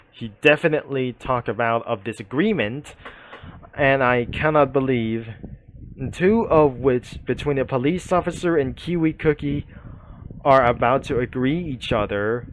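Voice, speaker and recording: A man's voice: mid-range voice, a little hiss or hum. A man narrating a comic story in a rambling, repetitive way.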